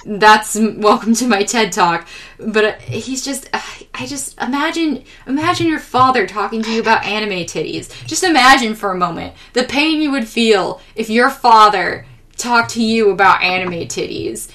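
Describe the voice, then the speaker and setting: A young woman hosting a podcast, telling a comic story in an exasperated, profane, animated way. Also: fairly high pitch, normal speed. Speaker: podcast host. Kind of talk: casual comedic storytelling.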